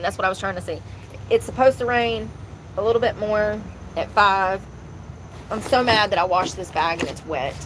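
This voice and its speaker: A woman's voice: mid-range voice, fairly bright tone, slight background noise, low-quality recording. Chatty woman vlogging from her car. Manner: rambling, candid, talks to viewers as "y'all". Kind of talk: casual chat. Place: in a car, talking on her phone. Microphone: phone in hand.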